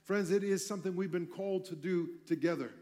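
A man's voice: high-pitched, fairly quick, warm tone. A man pastor giving a conversational sermon in a church, mixing teaching with self-deprecating jokes. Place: church sanctuary.

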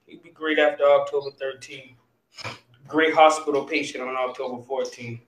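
A man's voice: medium pitch, steady tone, moderate pace, echoey room, slight background noise. A man hosting a podcast in casual chat, joking and teasing and laughing often. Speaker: podcast host.

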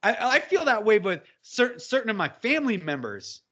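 Bright-voiced fervent preaching man. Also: high-pitched, big pitch swings, moderate pace. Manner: impassioned, exhorting, rising to shouts when quoting. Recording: dull lo-fi audio.

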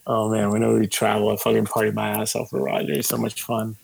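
A musician being interviewed, talking in a loose, rambling way with lots of fillers, swearing and easy laughs. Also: male voice, on the low side, little pitch movement, quick pace, gravelly, darkish tone, slightly rough, no echo. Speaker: musician guest. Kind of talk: casual conversation.

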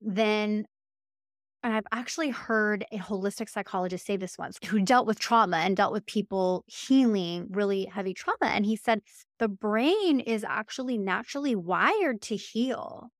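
A woman hosting a casual podcast conversation, talking through ideas in a reflective, thoughtful way. Her voice sits at an ordinary middle pitch and is recorded close and dry, with no room echo. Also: normal speed. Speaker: podcast host.

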